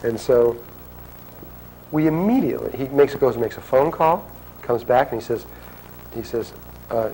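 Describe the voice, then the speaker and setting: Guy telling a story, rambles, restarts a lot, acts out what people said, plain mid pitch, faint noise behind. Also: expressive, normal speed, pauses often, dark tone, low-quality recording. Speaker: speaker telling a story to an audience.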